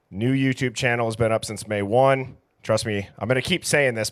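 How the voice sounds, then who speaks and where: A man's voice: on the low side, dry recording, clean studio sound. A man hosting a casual livestream, chatting easily and reading viewer names aloud. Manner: reads chat names aloud, easygoing and chatty. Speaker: livestream host.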